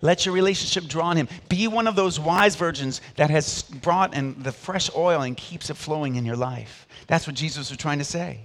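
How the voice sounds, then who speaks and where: A middle-aged pastor preaching a sermon, with sharp rises and drops in volume and call-and-response with the congregation. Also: male voice, fairly high pitch, moderate pace, hardly any pauses.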